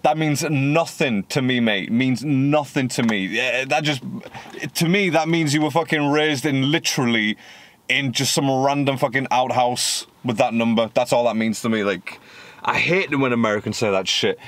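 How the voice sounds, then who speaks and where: A man's voice: mid-range voice, normal speed, a bit bright. A young British man hosting a music reaction, talking bluntly and mockingly and swearing a lot in casual commentary. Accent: British English. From United Kingdom.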